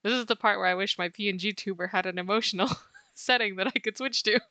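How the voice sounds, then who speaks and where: A woman chatting casually with viewers while she sketches on a livestream, answering chat warmly and laughing often. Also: mid-range voice, quick pace, no echo. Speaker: art streamer.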